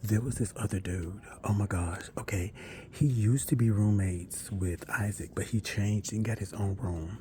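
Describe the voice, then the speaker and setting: A man telling a long, rambling personal story in a chatty way, with asides and self-corrections, sometimes dropping to a hush. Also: lowish voice, normal speed, noisy background.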